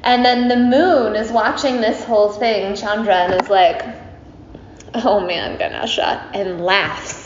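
A woman's voice: medium pitch, fairly even intonation, unhurried, hardly any pauses. Chatty woman telling a story in an echoey room. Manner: chatty, playful, with frequent fillers and asides to listeners. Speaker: teacher telling a story to a group. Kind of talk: casual spoken storytelling. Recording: roomy, slightly dull recording with faint hiss.

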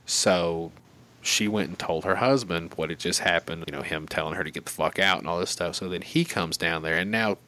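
A man's voice: low-pitched, fairly quick, pushed and bright. A man telling a long story in casual, profane and rambling chat.

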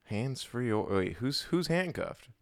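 A man's voice: medium pitch, sing-song, a little slow, vocal fry, dry recording, clean studio sound. A young man co-hosting a podcast, rambling through crude comedic banter. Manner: rambling, vulgar, breaks into mock rap singing. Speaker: podcast co-host.

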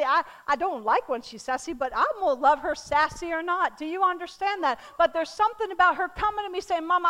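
Middle-aged lady preaching, high voice, goes loud then real soft. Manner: animated, shifting from loud calls to soft near-whispers. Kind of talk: sermon.

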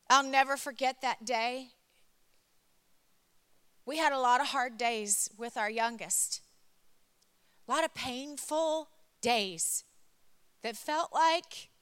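A woman's voice: high voice, a bit bright, clean tone. A middle-aged woman giving an emotional sermon testimony, storytelling that builds to impassioned emphasis.

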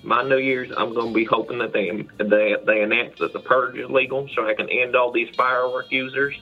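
A man's voice: medium pitch, level tone, fairly quick, breathy edge, faint music behind. A man calling in to a comic show, laid back and drawling, answering with "yes, sir", heard over a muffled phone line. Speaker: caller. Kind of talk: comic call-in bit.

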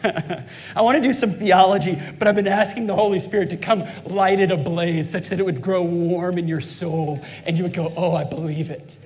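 A man's voice: high voice, steady tone, normal speed, darkish tone. A man preaching a fervent sermon as pastor, calling out to his congregation. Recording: long hall reverb.

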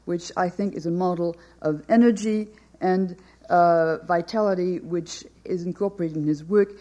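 A woman moderating a literary panel, introducing an author in a formal, hesitant way with frequent pauses and fillers. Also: fairly low pitch, steady tone, dark tone. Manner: hesitant, many ums and uhs. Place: lecture hall, before an audience.

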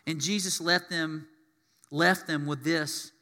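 A male pastor preaching a sermon in an animated way, acting out quotes in different voices. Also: on the high side, takes it slowly, long reverb tail.

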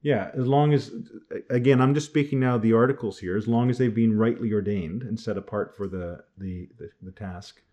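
A man's voice: fairly low pitch, moderate pace, few pauses, dark tone. Man teaching a church class. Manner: thinks aloud with frequent restarts. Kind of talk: conversational class lecture.

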